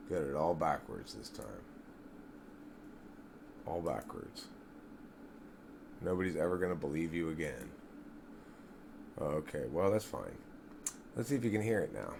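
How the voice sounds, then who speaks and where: A man's voice: rumbling low, animated, gravelly, noisy background. A man hosting his own channel, talking in a rambling solo vlog with meandering asides to himself. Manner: slow, meandering talk with self-directed asides. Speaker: channel host.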